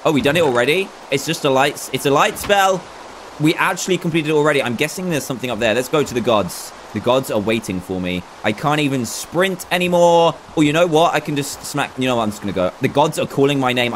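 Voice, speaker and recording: A young man giving excitable, dramatic running commentary as he plays a video game. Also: mid-range voice, fast talker, slight background noise. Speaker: gaming YouTuber. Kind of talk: Let's Play commentary.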